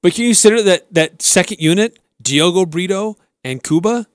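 A male sports radio host with a fairly high voice, walking listeners through the action play by play. He speaks into a close mic, with a dry, dead studio sound and no room around him. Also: moderate pace, no room sound. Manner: animated play-by-play recounting.

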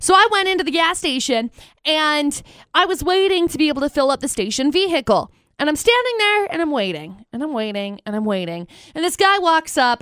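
A woman co-hosting a morning radio show, telling stories in a lively way and acting out the people she quotes, on a studio mic. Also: sits high, no room sound. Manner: animated storyteller, acts out quotes. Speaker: radio co-host.

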